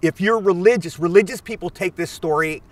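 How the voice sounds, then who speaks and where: A man in his sixties tells stories fast and eagerly, his voice a bit higher than most men's. He sits back from the microphone, so the sound is distant and open. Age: 60s. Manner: animated, eager storyteller. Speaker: actor guest. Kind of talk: anecdotal storytelling. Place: outdoors at a film location.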